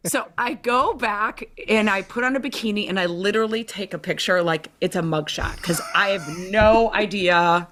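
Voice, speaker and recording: A woman with a Chicago accent, a guest in an interview, telling stories in an animated way and acting out quoted dialogue with a lot of "like". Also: mid-range voice, moderate pace. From Chicago, USA. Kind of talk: conversational storytelling.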